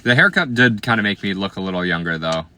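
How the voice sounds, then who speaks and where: Riffing on comments during a casual livestream, this late-twenties host from Iowa talks fast with big pitch swings. His slightly low voice comes across bright and forward, and his playful slang often slips into quiet asides.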